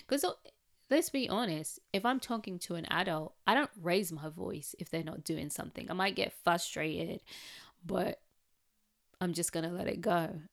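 A woman's voice: fairly low pitch, normal speed, gravelly. A woman reflecting on raising her nieces in candid personal chat, with plenty of "like" and "um". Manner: candid, chatty, with frequent "like" and "um".

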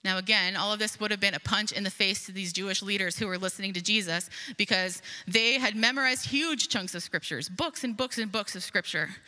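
A woman's voice: mid-range voice, a little fast, few pauses, bright, forceful tone. A woman preaching a sermon, earnest and emphatic, reading scripture aloud and explaining it. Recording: long hall reverb.

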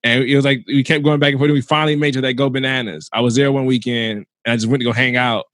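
A man's voice: mid-range voice, steady tone, very fast, a bit bright, no room sound, clean studio sound. A male comedian in casual chat, telling a rambling story in a laid-back way.

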